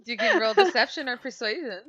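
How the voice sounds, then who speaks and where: A woman's voice: sits high, sing-song, a little fast, crowd noise. A woman narrating a tabletop game as game master, describing scenes with laughing asides. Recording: dull lo-fi mic.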